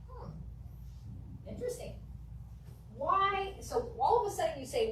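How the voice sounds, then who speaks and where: A fairly high-voiced woman leads a real estate training class, jumping into little acted-out client exchanges as she goes. She is picked up from across an echoey room, with a faint hum of room noise behind her. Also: moderate pace, long pauses, far from the mic. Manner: animated, acts out client dialogues.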